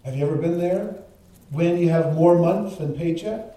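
This warm-toned male pastor from Canada, whose voice sits on the high side, speaks at a moderate pace as he prays and then preaches. His delivery is conversational, with plenty of restarts and asides, and a distant mic catches heavy echo in the church sanctuary.

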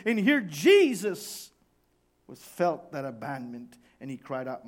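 A male pastor preaching a sermon dramatically, swinging from shouts down to hushed tones. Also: sits high, animated, unhurried.

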